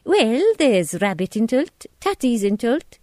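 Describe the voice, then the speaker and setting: A woman's voice: a little high, very animated, measured pace, dry recording, studio quality, voice pushed up. A woman voicing a small, round, cheerful tea shop woman with a Scottish accent in a storybook reading. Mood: hearty. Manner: bright, hearty, dialect-rich.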